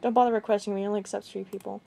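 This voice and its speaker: A young woman vlogging casually about a chat exchange, rambling and halting with many restarts. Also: medium pitch, steady tone, gravelly, dark tone. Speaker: gaming video creator. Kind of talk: casual vlog recounting a chat.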